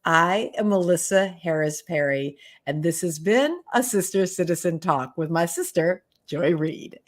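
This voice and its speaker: A woman hosting a casual interview, chatty and laughing often, with warm effusive thanks. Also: fairly low pitch, animated, measured pace. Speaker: host and interviewer.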